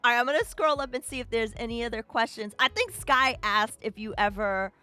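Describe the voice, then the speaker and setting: Upbeat bright-voiced woman host. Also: a little high, fairly quick, soft background music. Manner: upbeat, enthusiastic. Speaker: stream interview host. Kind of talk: casual interview chat.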